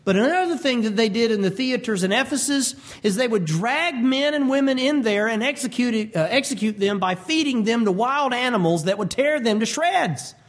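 High-voiced preacher, animated. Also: male voice, moderate pace, hardly any pauses. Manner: animated, acts out voices and quotes. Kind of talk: expository sermon.

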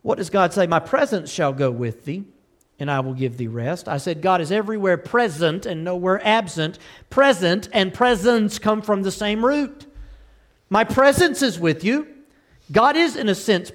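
High-voiced preacher swinging loud and low. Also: male voice. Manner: swings between loud pleading and low solemn tones; reads scripture in King James wording. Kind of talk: sermon.

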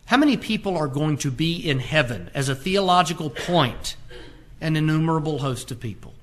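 Man, pastor, sermon, high voice, bright tone, emphatic preaching. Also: animated, normal speed. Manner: emphatic preaching, reads scripture aloud in King James wording; rises in force on key phrases, drops low and quiet on others.

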